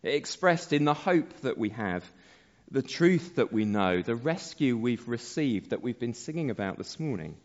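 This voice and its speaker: A man preaching a sermon as pastor, slow and measured, letting his phrase endings fall soft. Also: mid-range voice, lively intonation. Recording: dull sound with long hall reverb.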